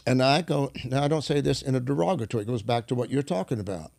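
A man who is a minister, telling stories in an animated, preaching style, often clearing his throat. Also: mid-range voice, quick pace, dry recording, studio quality. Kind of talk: storytelling preaching conversation.

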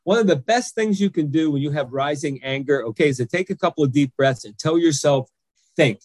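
A man's voice: a little high, brisk, a little mellow, no echo. A man, an anger management coach, explaining his method step by step on a podcast and checking in with "okay?" again and again.

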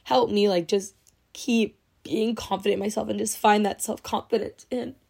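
A woman's voice: medium pitch, fairly even intonation, normal speed, gravelly, a little mellow, slightly rough. Gushing young woman podcast host. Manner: gushing, heavy use of "like", emotional and teary. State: teary, on the verge of crying. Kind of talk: casual solo podcast chat.

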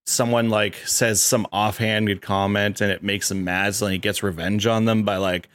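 A man with a fairly low voice chats casually on a podcast, rambling through his ideas with frequent fillers and restarts. The sound is close and dry. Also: level tone, moderate pace, a bit bright, no echo. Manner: rambling, full of likes and restarts, laughs often. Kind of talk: casual chat.

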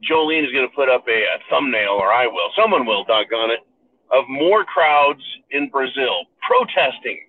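A man hosting a show, delivering a sarcastic, ranting political monologue and calling his listeners "folks". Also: a little high. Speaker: podcast host. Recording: tinny phone-like sound.

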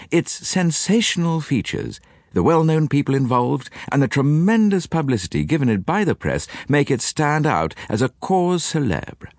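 A man with a low voice narrates a story in the first person, his pitch swinging widely and vividly. His delivery is expressive and theatrical. The recording is close and dry, with no room sound. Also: no room sound. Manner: expressive, wide-ranging delivery. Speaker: audiobook narrator.

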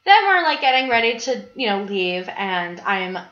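Animated young woman telling stories. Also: mid-range voice, normal speed. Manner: animated storytelling, swears freely. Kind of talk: casual chat. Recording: roomy, slightly dull sound.

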